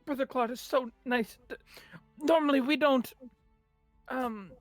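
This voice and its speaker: A game master voicing a trio of nervous, stammering bird-folk tavern keeper brothers in a very high voice. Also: a little slow, dry recording, faint music behind. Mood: flustered. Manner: stammering, panicky.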